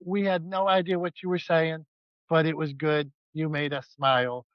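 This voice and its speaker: A man's voice: a little high, level tone, normal speed, smooth, no echo, muffled recording. A man co-hosting a podcast, joking around in a playful, self-mocking way. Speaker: podcast co-host. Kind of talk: casual podcast banter.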